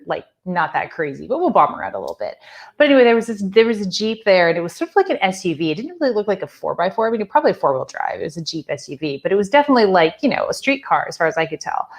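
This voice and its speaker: Woman, spiritual teacher, slightly low voice, chatty storyteller who laughs a lot. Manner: chatty, laughing, lots of "like" and "you know".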